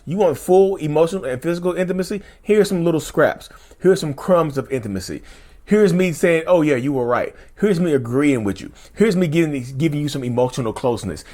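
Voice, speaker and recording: A man's voice: fairly high pitch, a little mellow. A man hosting his own channel, talking casually and emphatically to viewers, often repeating himself and saying "y'all". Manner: chatty, repetitive, says "y'all" often, emphatic. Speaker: YouTube host. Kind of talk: casual direct-to-camera talk.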